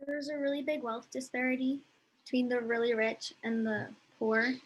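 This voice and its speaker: A female student answering the teacher's question in class, softly and tentatively. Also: a little high, fairly even intonation, normal speed, rough recording.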